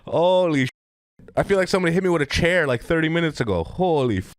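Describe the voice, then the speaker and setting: A man's voice: a little high, lively intonation, quick pace, dry recording, studio quality. A man co-hosting a podcast in casual, joking, profane chat, often laughing.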